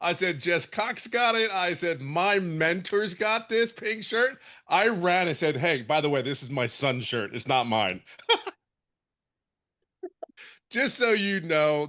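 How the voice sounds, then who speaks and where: A man's voice: a little high, bright, forceful tone. A middle-aged man from the Philadelphia area, giving an emphatic, impassioned testimonial in casual talk, with frequent restarts. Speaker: program member giving a testimonial.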